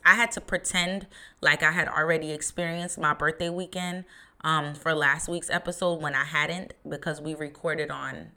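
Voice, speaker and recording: Woman, podcast host, bright forceful tone, casual rambling monologue, thirties. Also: on the low side. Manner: chatty, rambling, heavy on fillers.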